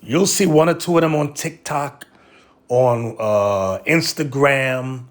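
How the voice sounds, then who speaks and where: A man's voice: medium pitch, slow pace. A man giving a sermon, reading a document aloud and breaking off to address his listeners directly with emphatic commentary. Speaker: religious teacher.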